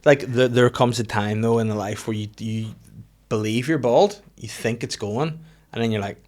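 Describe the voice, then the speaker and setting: A man's voice: mid-range voice, normal speed, a little mellow. A man hosting a comedy podcast, chatting casually and joking with his guest. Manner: chatty, jokey, lots of agreeing. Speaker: podcast host. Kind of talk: casual chat.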